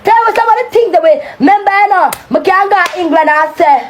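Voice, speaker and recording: A woman's voice: extremely high pitch, fast talker, a little hiss or hum. A woman with a Jamaican accent delivering a heated, taunting rant on a live stream, cursing often.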